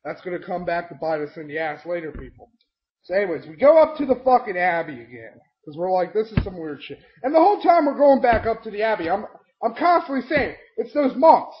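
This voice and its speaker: A young man recapping a tabletop game session, excitable and swearing constantly as he tells the story. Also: sits high, fast. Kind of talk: profane storytelling rant. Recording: dull lo-fi home mic.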